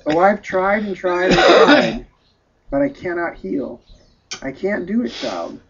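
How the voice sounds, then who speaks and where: A man voicing an anguished, humble friar who prays and pleads softly and tearfully. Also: mid-range voice, moderate pace, lightly acted. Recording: dull lo-fi recording.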